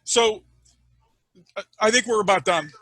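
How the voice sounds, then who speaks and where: A man interviewing a guest, asking halting questions and searching for words with many ums. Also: sits high, sharp tone, no room sound, rough recording.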